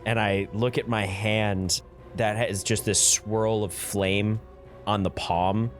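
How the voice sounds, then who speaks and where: A man's voice: fairly low pitch, level tone, takes it slowly, faint music behind. A man playing a tabletop game, describing his character's actions in an easygoing, hesitant way. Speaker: player.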